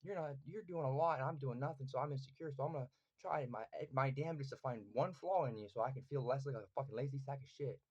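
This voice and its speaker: Brief: man mocking as an insecure gym heckler, high and whiny, muffled lo-fi sound. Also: fast, few pauses, a little mellow, husky, lightly acted.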